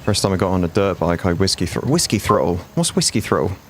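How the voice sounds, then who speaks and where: A man in his 40s streams a game and chats casually with viewers, speaking bluntly and swearing freely. His voice sits low, swings widely in pitch and moves fast, with a little hiss or hum in the audio.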